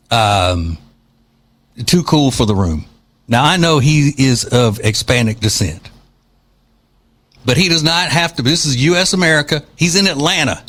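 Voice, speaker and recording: A man's voice: mid-range voice, fairly bright tone. A man hosting an opinion podcast, talking in a sarcastic, mocking way. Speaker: podcast host. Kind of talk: opinion commentary.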